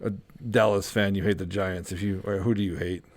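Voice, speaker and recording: A man's voice: sits low, fairly even intonation, a little fast. A man hosting a podcast, chatting casually in an easygoing way and joking around with his guest. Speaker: podcast host. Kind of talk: casual chat.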